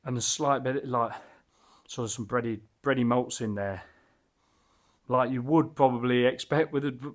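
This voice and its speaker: A man's voice: mid-range voice, steady tone, unhurried. A man casually reviewing a beer as he tastes it, enthusiastic and rambling, with lots of fillers and restarts.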